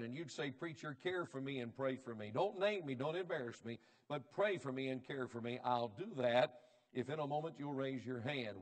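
A man preaching a revival sermon in a church, swinging from shouted climaxes to a hushed, pleading altar call. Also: mid-range voice. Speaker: evangelist preacher. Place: church sanctuary.

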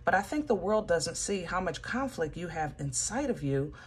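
A woman giving a casual tarot reading, animated and joking, talking straight to the listener with lots of fillers. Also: lowish voice, normal speed, slightly rough. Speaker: tarot reader.

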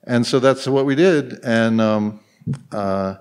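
A man's voice: medium pitch, slow, darkish tone, smooth. Rambling man telling stories on a panel. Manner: rambling, heavy on fillers and restarts, chuckling often. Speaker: panel guest. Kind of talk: anecdotal storytelling on a live panel. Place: convention panel room.

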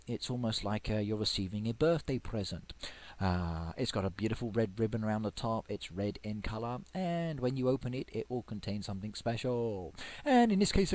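A man giving chatty gameplay commentary, playfully excited, with squeals of delight and sudden whispers. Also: on the low side. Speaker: game video creator.

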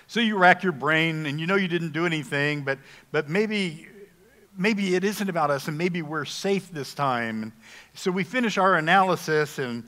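Jokey pastor in an echoing church. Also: male voice, fairly high pitch, moderate pace, bright, forceful tone. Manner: folksy, humorous, conversational preaching. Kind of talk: sermon. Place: church sanctuary. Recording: long reverb of a church hall.

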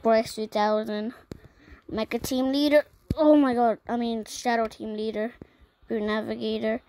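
A female host of a gaming channel talks casually through a long list of items. Her voice sits a little high and her pace is slow and unhurried. She keeps filling the gaps between items with ums and short pauses. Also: steady tone, warm tone, poor audio. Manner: listing items one by one, with many ums and pauses.

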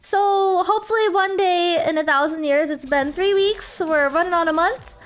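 A woman's voice: very high voice, normal speed. A woman streaming a game, chatting casually and emotionally thanking her viewers, close to tears. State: tearful. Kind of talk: casual live-stream chat while gaming.

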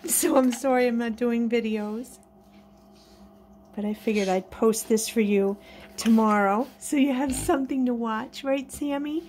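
A woman pet vlogger, recording at home at night, has a slightly high, unhurried, somewhat mellow voice with a little hiss or hum behind it. She coos at her pets in a sing-song baby voice and chats casually with her viewers.

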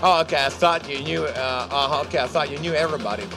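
With music playing, a male host runs a live casino game and jokes around with viewers between rounds. He talks quickly in a slightly high voice.

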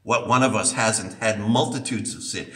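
A man's voice: on the low side, normal speed, pushed and bright. A man preaching a sermon, emphatic and repeating points for stress, in an echoey church heard from a distance.

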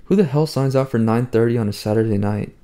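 A man's voice: medium pitch, fast talker, warm tone, clear, resonant tone, lightly acted. A man voicing a cocky, irritable teenage roommate who gripes and swears. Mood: annoyed. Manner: griping and profane. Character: cocky male teen prep-school roommate, irritable.

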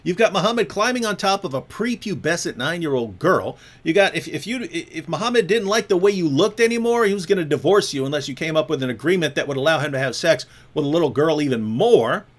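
A male host with a fairly high voice presses his case hard. He repeats key lines for emphasis and throws rhetorical questions at the listener. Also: animated, quick pace, few pauses. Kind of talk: polemical discussion with a co-host.

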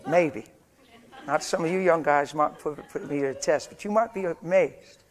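Older man preaching, hushed to fervent. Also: fairly high pitch, moderate pace. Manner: swings from hushed whispers to loud, fervent preaching. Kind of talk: storytelling sermon. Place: church or meeting hall before a live audience.

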